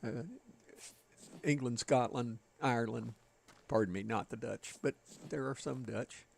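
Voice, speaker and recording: Gravelly and a little mellow, this medium-pitched male voice moves a little slowly, with a slight hiss or hum in the audio. He streams games from the Southern United States, chatting folksily and rambling to viewers in a Southern American accent.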